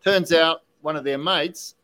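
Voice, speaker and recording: A man hosting a podcast, telling an animated story casually with many restarts and asides. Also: on the high side, measured pace, rough recording. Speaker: podcast host, whiskey distiller.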